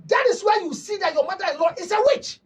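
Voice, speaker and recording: A Ghanaian man counsels his listeners with emphatic, preachy conviction and keeps firing rhetorical questions at them. His voice sits unusually high and swoops a lot as he lectures. He sounds a bit distant from the microphone. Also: animated, quick pace, a little hiss or hum. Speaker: counselor and host. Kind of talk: preaching-style advice talk, mixing English and Twi.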